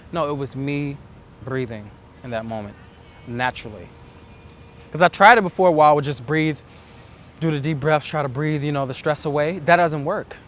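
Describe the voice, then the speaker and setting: Earnest man coaching outdoors. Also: on the high side. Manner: earnest, reflective, acts out quoted self-talk. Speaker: dating coach. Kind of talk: instructional monologue.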